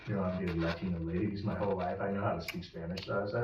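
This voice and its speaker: A man telling the story of his bookmaking business in a casual, animated way, acting out the people he dealt with. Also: low-pitched, highs cut off. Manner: animated, quotes himself and others in quick dialogue. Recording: echoey room, mic at a distance, noisy.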